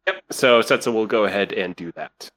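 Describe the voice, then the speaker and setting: A man's voice: on the low side, fairly bright tone. A man playing a tabletop role-play, describing his actions hesitantly. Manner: unhurried, hesitant with fillers. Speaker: player.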